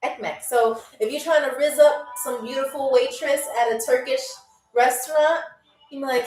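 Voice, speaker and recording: A woman's voice: on the high side, fairly even intonation. Chatty woman hosting, echoey and off-mic. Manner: chatty, playful, repeats foreign words slowly for viewers. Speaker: game show host. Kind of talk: live-streamed trivia game hosting. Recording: echoey room, distant from mic, faint music.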